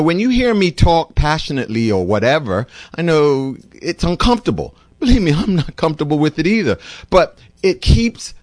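Impassioned man, lively pitch. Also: no echo. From Bermuda. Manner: impassioned, rambling, pitch swinging widely. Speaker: doctor and show host. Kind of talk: opinionated monologue.

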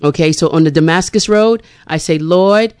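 A smooth-voiced radio morning host, talking casually and animatedly into a studio mic. Plenty of fillers and asides as the host greets listeners and leads a short devotional. Mid-range pitch, clean and resonant. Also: brisk. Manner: chatty and animated, with many fillers.

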